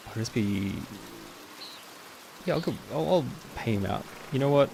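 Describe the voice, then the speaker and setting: A man streaming live in casual chat, who talks in a chatty way and answers his viewers with quick asides. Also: medium pitch, vocal fry. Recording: steady rain noise behind.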